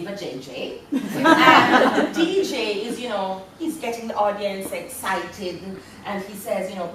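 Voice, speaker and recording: A woman from Jamaica with a Jamaican accent, reading her poetry to an audience in a lecture hall and chuckling between lines. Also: medium pitch. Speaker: poet. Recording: very echoey hall, voice from far off, faint room noise.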